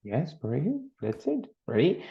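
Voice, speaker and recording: A man's voice: a little high, wildly swooping pitch, normal speed, vocal fry. A man teaching an English grammar lesson, explaining patiently and checking in with students with "no?" and "ready?". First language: Spanish. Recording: dull lo-fi sound.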